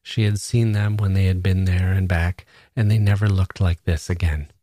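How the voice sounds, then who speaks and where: A man reading a literary short novel aloud in a measured, even way. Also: sits low, no room sound, clean studio sound. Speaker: audiobook reader. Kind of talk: literary story narration.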